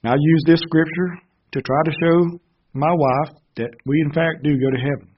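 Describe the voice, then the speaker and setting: A man's voice: on the high side, steady tone, normal speed, breathy edge, dull audio. A man preaching a Bible sermon, earnestly explaining verses step by step.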